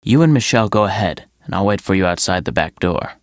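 A male narrator voicing an anxious teenage boy in an audiobook, speaking softly and hesitantly. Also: low voice, animated, fast talker, no room sound, clean studio sound, pitched below the performer's own voice. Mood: hushed. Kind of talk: audiobook character voice.

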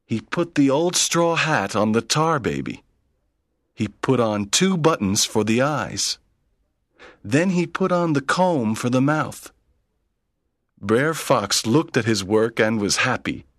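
Man reading a kids story real slow, simple plain sentences, dry close mic. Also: medium pitch, lively intonation, fairly bright tone, dry recording. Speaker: narrator. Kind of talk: slow read-aloud storytelling.

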